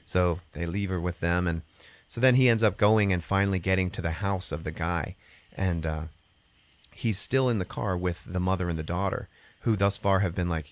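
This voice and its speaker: Sitting low in pitch at a moderate pace, this male podcast host chats casually as he retells a story. He wanders into asides and acts out the quotes.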